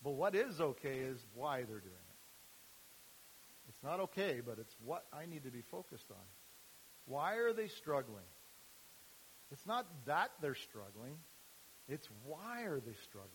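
A man's voice: mid-range voice, big pitch swings, measured pace, long pauses, slight background noise, rough recording. A man giving an informal sermon as a youth ministry speaker, talking conversationally with many fillers and restarts.

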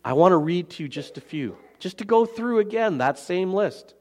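A pastor preaching a sermon in an earnest, emphatic manner, slowing down and repeating key phrases. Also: male voice, high-pitched, lively intonation.

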